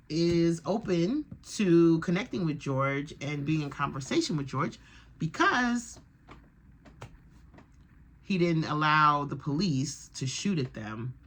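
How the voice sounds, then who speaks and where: A woman's voice: low voice, lively intonation, slow. A woman vlogger giving a casual, rambling and opinionated recap of a TV episode. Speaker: TV reaction vlogger.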